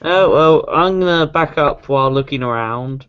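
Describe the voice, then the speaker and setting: A man's voice: on the high side, normal speed, clear, resonant tone, dull audio. A man playing a tabletop game, talking casually and easygoing, a bit distracted. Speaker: player.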